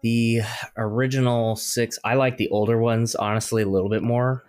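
A man's voice: mid-range voice, flat delivery, normal speed, darkish tone, no room sound, studio quality. A young adult man co-hosting a casual podcast. He talks as a thoughtful, somewhat rambling film buff. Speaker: podcast co-host. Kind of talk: casual chat.

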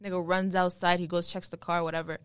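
A young woman telling a story in a casual group chat, rapid and profane. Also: on the low side, flat delivery, smooth, no echo.

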